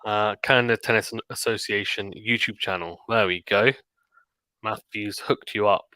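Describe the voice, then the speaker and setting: Calling a tennis match live shot by shot, this British man has a lowish voice that's bright and forceful. As a stream commentator, he mixes rapid rally calls with quiet, easygoing asides between points, and the sound is close, dry, and free of echo.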